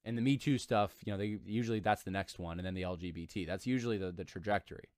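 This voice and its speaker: A man's voice: low voice, fast talker, no room sound, studio quality. A man hosting his own commentary show, reading aloud from an article and breaking in with emphatic, repetitive remarks. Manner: animated, emphatic, repeats himself. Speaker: commentary channel host.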